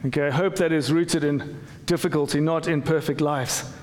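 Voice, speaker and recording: Pastor preaching in a church hall. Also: male voice, a little high, steady tone, moderate pace, darkish tone, slight background noise. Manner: conversational with frequent restarts. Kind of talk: sermon.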